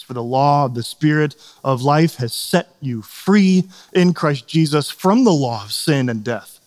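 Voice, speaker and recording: A man's voice: fairly high pitch, measured pace. Earnest male pastor preaching in a hall. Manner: earnest, animated, acts out quoted voices. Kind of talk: sermon.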